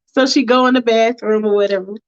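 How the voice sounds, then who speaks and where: A woman's voice: fairly high pitch, fairly even intonation, fairly quick. A woman narrating a casual fanfiction storytime with chatty, laughing, slangy asides. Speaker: storyteller and show host. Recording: dull lo-fi recording.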